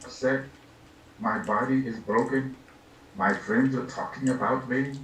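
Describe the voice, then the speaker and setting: An older man, a Buddhist lama, giving an unhurried, reflective dharma talk, laughing softly and acting out little scenes as he teaches. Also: medium pitch, steady tone, a little hiss or hum. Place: meditation hall. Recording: echoey room, distant mic, faint ambience.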